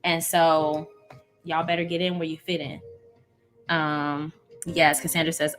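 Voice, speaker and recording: A woman hosting a live stream in casual chat, reading out viewer comments and talking to them warmly. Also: lowish voice, steady tone, normal speed, faint music behind. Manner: warm, chatty, reads out viewer comments.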